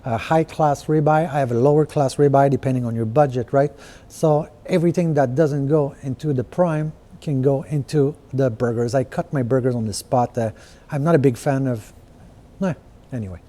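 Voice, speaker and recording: In a casual explanatory walkthrough, a restaurant owner podcasting over a screen share goes through his menu, full of fillers and rhetorical "right?" questions, his voice dark and on the high side.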